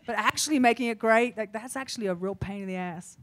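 Blunt, quick, higher-voiced woman. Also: fairly bright tone. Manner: blunt, quick, self-mocking. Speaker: documentary filmmaker on a panel.

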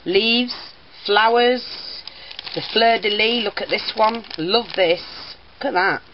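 Speaking slowly in a slightly high voice, an older teacher and crafter chats warmly about her parcel on a casual craft vlog, dissolving into giggles now and then. The sound is dull and lo-fi, home-video style, with slight background noise.

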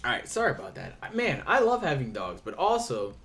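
Animated young man playing a game. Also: medium pitch, a little fast, creaky. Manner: playful, voices the characters, casual swearing. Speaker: let's play host. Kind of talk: game playthrough, reading dialogue aloud.

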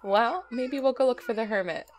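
A woman's voice: a little high, normal speed, slight background noise. Giggly woman chatting over a life-sim game. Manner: chatty, giggly, exclaims at small things. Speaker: let's play host. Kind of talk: casual gameplay commentary.

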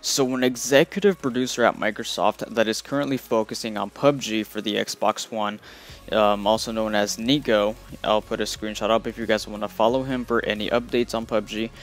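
A lowish, fairly even male voice at a moderate pace carries this casual gaming news vlog. The young host rambles along loosely and leans heavily on fillers.

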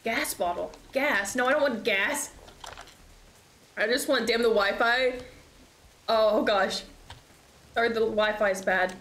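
A woman's voice: fairly high pitch, measured pace, pauses often, a bit bright. A young woman streaming a horror game, chatting and swearing as she plays, with nervous laughs. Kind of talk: live game commentary. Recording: echoey room, faint noise.

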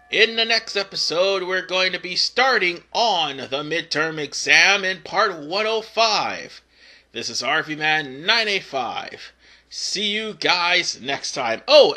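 A man's voice: high voice, bright, forceful tone. A man hosting a let's play, giving casual, rambling gameplay commentary with fillers and self-corrections.

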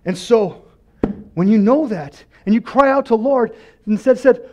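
A man pastor delivering an impassioned sermon, swinging between loud pleading and quiet lows, laughing often. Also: unhurried. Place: church.

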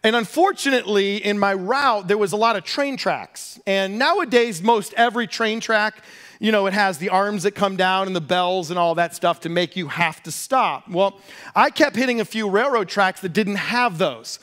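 Man, pastor, sermon, high voice, lively storytelling, self-deprecating jokes. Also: moderate pace.

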